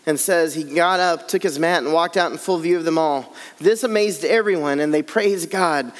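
Camp speaker, male, high-pitched, acts out scripture scenes, long hall reverb. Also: normal speed, few pauses. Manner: dramatic, acts out scenes, drops low and soft for scripture quotes. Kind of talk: storytelling sermon.

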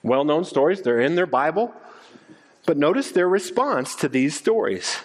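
A male preacher delivering a sermon, with a voice pitched a bit high that rises and falls a great deal. He acts out what the listeners in the story might say, and he often stumbles over a word and repeats it. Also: moderate pace. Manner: animated, acts out the crowd's voices. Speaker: pastor.

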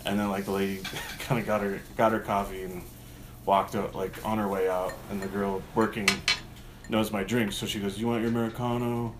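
A man's voice: fairly low pitch, little pitch movement, moderate pace, heavy background noise. A man in casual chat who tells an anecdote and laughs often as he goes.

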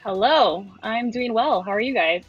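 A woman's voice: fairly high pitch, expressive, moderate pace, husky, no room sound, soft background music. A woman guesting on a podcast over a video call, chatting cheerfully. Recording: dry muffled call audio.

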